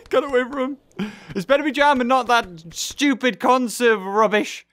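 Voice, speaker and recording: A woman with a high, animated voice, speaking a little slowly, gives playful, teasing let's-play commentary on a video game. She often laughs and squeals at the characters.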